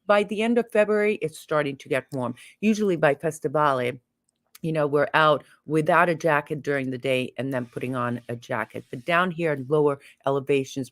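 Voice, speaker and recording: A woman's voice: low voice, dry recording, studio quality. A woman co-hosting a casual live stream, teasing her partner and reading out viewer questions. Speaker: co-host. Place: home in Sicily.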